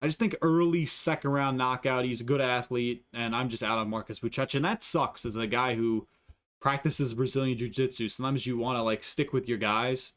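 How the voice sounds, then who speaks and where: A young man running through fight picks in loose, rambling talk, swearing freely and cracking jokes as he goes. His voice sits at an ordinary middle pitch, and he trips over names, then laughs them off and moves on. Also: fairly even intonation, a little fast, fairly bright tone. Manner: profane, rambling, jokey. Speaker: MMA fight analyst. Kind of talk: casual fight predictions.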